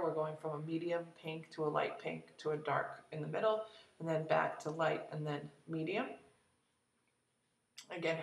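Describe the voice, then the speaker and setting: A woman teacher talks a class through a lesson in a relaxed, explanatory way, pausing on ums and uhs. Her lowish voice has a gravelly edge. She sounds set back from the mic in an echoey room. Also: recorded from a distance. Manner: relaxed, explanatory, with frequent fillers.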